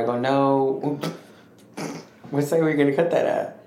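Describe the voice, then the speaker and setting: Man, podcast co-host, rambling animated storyteller, roomy echo, faint hiss. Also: medium pitch, unhurried. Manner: rambling, animated, quotes others' dialogue. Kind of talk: casual storytelling chat. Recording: echoey room with faint noise.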